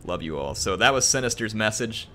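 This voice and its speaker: A young man on a gaming stream reading a viewer's message aloud, halting and emotional, full of ums, earnest and grateful. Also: lowish voice, lively intonation, bright, forceful tone, a little hiss or hum. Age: young adult.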